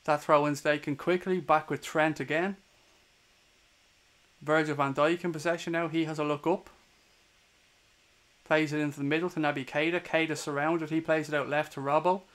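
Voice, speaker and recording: A young Irish man giving live play-by-play commentary for a fan watchalong stream, brisk and partisan, swearing freely when annoyed. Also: fairly high pitch, flat delivery, fairly bright tone. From Ireland. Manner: swears hotly at opposing players.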